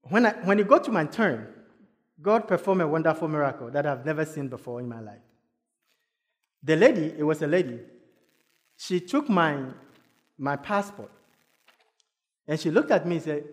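A man's voice: on the high side, moderate pace, pauses often. A Ghanaian man telling a personal story to an audience, acting out each voice. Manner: animated, acts out dialogue. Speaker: speaker. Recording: long hall reverb.

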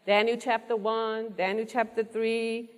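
A woman's voice: on the high side, flat delivery, unhurried. A woman preaching an interactive sermon, asking her listeners questions and repeating their answers back to them. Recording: long reverb of a large hall.

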